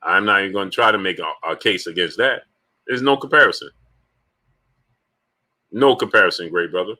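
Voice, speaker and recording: A man hosts a live-streamed sports talk show with a bright, forceful voice. He hammers his points home through rhetorical repetition, breaking off to greet chat viewers by name. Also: sits low, normal speed. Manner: animated, rhetorical, repeats points emphatically.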